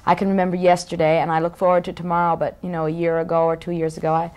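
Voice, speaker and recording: A woman's voice: on the low side, little pitch movement, racing, darkish tone, smooth. A woman in her thirties, a guest in a casual interview, musing aloud and often breaking off to restart her sentences.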